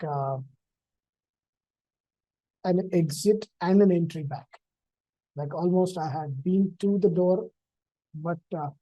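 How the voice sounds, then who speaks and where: Invited to speak at an online event, a man gives a hesitant, reflective personal talk over a video call, with many fillers and restarts. His warm voice is on the high side, picked up by his own computer mic with no echo.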